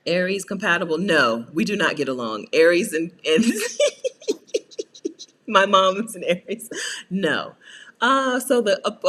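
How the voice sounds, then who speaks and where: A woman hosting a casual livestream, chatting with viewers and answering their comments, laughing often and playful. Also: fairly bright tone. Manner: laughs often, playful, swings into high-pitched exasperated asides. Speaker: coach and channel host.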